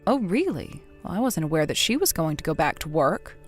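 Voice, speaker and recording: A woman playing a blunt, widowed older mother who scolds her grown son in a measured, firm way, in a scripted text-message drama. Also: deep voice, big pitch swings, soft background music. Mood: stern.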